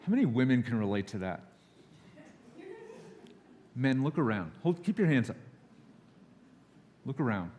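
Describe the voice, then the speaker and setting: A man's voice: mid-range voice, very animated, unhurried, pauses often, a little mellow, lo-fi sound. A man giving a guest sermon in a church, candid and a little nervous, acting out quoted voices as he goes. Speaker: guest speaker. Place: church sanctuary.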